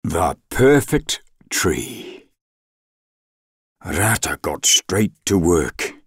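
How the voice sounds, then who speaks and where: A man reading a legend aloud as storybook narration, slow and expressive with dramatic pauses. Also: deep voice, husky, dry recording, studio quality.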